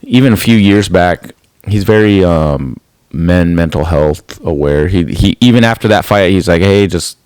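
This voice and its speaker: A man's voice: low voice, expressive, normal speed, darkish tone, smooth, no echo. A man co-hosting a podcast, talking in a laid-back, rambling way full of "like" and "dude.". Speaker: podcast co-host. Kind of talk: casual chat.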